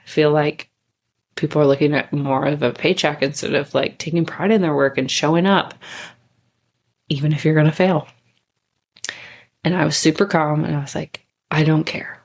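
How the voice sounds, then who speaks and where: A woman's voice: low-pitched, fairly even intonation, moderate pace, gravelly, long pauses. A woman podcast host telling a story in a candid, chatty way, with casual swearing and bursts of speed.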